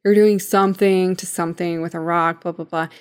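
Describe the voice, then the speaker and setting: A woman's voice: lowish voice, steady tone, brisk, clear, resonant tone, lightly acted. A woman voicing a bored adult male hypnotist, reading his lines dryly. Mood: wry. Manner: dry, dismissive.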